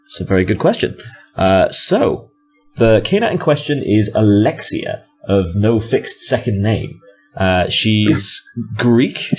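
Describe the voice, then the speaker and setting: A man's voice: fairly low pitch, lively intonation, takes it slowly, faint music behind. A man narrating as game master, rambling with fillers and self-corrections.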